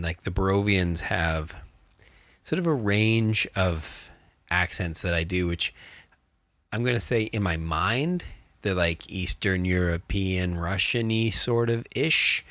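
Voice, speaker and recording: A man chatting casually as a game master, animated and rambling, with many fillers. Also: deep voice, no room sound. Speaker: game master, podcast co-host. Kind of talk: casual chat.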